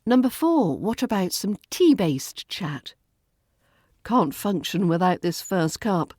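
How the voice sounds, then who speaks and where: A woman with a British RP accent hosting a podcast lesson, speaking lightly and clearly and acting out example phrases. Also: fairly low pitch, lively intonation, slow pace, a little mellow, no room sound, clean studio sound. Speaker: accent coach and podcast host.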